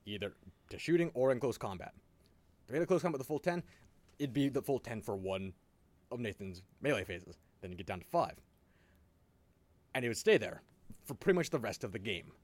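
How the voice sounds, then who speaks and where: A man hosting a podcast in casual chat, telling animated stories, swearing often and laughing a lot. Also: medium pitch, fairly quick, pauses often, no echo. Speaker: podcast host.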